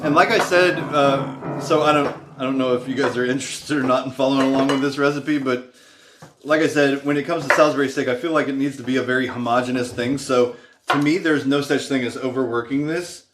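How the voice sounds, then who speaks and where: A man cooking at home, explaining his recipe at length in a loud, casual way. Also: mid-range voice, fairly even intonation, fairly quick, background noise. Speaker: home cook leading a cooking stream. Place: home kitchen. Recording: echoey room with music behind. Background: music and kitchen clatter.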